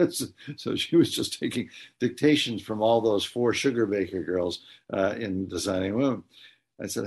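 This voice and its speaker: A low-voiced man with a gravelly, husky edge tells stories as an interview guest. He talks earnestly and haltingly, stopping often as he goes. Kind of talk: conversational storytelling.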